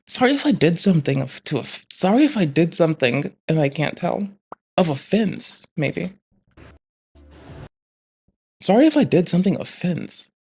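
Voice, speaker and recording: A man's voice: on the high side, very animated, normal speed, gravelly, long pauses, darkish tone, slightly rough, voice pushed up, full character voice. A man voicing a laid-back young surfer dude who pleads in a drawl. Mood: hurt, pleading.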